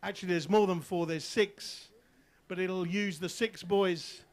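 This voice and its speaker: A man's voice: sits high, fairly even intonation, a little slow. An English man announcing live at an outdoor barefoot water ski event, teasing the crowd between jumps. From England. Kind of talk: live sports commentary over a PA.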